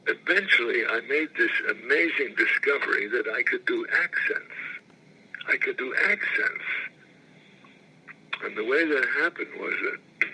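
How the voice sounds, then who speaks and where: A man in his eighties, an actor, rambling through anecdotes in an interview, often repeating phrases and clearing his throat. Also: medium pitch, sharp tone, low-quality recording. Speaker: actor recalling his career.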